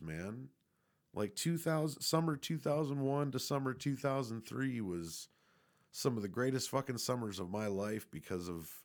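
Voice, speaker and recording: A young man casually telling a rambling personal story, laid-back and swearing often. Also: medium pitch.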